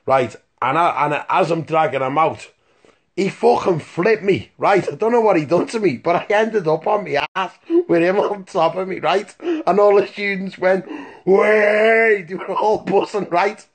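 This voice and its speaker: A man's voice: sits high, moderate pace, slightly rough. A man telling a rambling, profane story in a phone voice message, stopping often to ask "right?". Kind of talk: casual voice-note anecdote.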